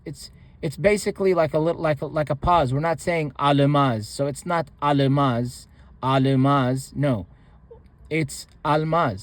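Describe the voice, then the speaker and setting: A man giving a relaxed spoken language lesson, reading from a book and repeating each word several times. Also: mid-range voice. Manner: repeats words slowly, with pauses and restarts. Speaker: language teacher.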